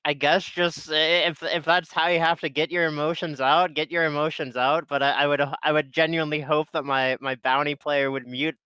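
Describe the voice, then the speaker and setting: Bright-voiced, halting man co-hosting podcast. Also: a little high, flat delivery, smooth, dry recording. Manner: halting, many restarts, frequent laughs. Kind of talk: casual podcast chat.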